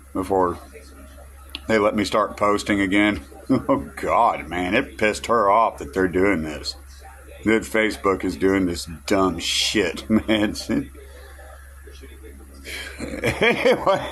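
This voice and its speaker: Guy just woke up, groggy, slow easy talk, keeps chuckling and cussing. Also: lowish voice, a bit bright. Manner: chuckles through his words, swears freely. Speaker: vlogger. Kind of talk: casual rambling vlog.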